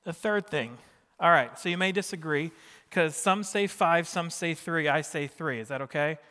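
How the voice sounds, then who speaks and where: A man with a high, bright, forceful voice preaches a sermon to his church. He keeps it conversational, throws questions and jokes at the congregation, and his words ring out with a long reverb from the large sanctuary. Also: moderate pace. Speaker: pastor.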